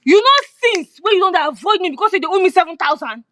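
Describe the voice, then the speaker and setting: An actor playing a broke young debtor who pleads and shouts in Nigerian Pidgin. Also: male voice, expressive, quick pace, full character voice. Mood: pleading. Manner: pleading and shouting in a strained high voice. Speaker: debtor begging a shop owner. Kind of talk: film drama acting.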